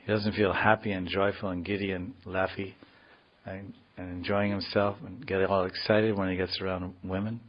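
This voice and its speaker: Man, spiritual teacher, scripture class, lowish voice, digressive and joking, muffled lo-fi recording. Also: little pitch movement. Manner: digressive, joking, explains words slowly. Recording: dull lo-fi recording.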